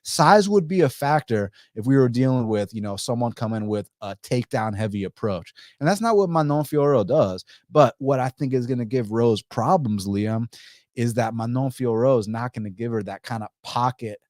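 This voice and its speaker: A man's voice: mid-range voice, lively intonation, moderate pace, darkish tone, dry recording, clean studio sound. A man hosting a casual fight-betting show, rambling and profane, with many restarts. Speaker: podcast host.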